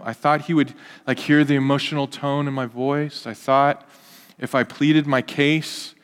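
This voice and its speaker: A desperate woman, humble and hushed, speaking low and quiet, as a preacher acts her out. Her soft-spoken pleading rings out with a long hall reverb. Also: close to an everyday voice.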